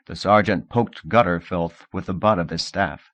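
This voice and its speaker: Give me a man with a fairly low voice reading a novel aloud in a dry, close recording. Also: no echo, lo-fi sound. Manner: steady, measured reading. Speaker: audiobook narrator. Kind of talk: scripted narration.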